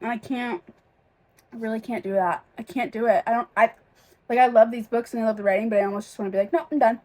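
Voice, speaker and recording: A woman's voice: on the high side, steady tone, fast, a little mellow. A young woman chatting casually in a reading vlog, emotional and rambling, with many fillers and restarts. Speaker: reading vlogger.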